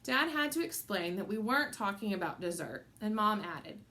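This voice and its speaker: A woman narrating a children's audiobook with an animated, expressive delivery. Her pitch moves freely up and down as she tells the story. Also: normal speed. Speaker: audiobook reader.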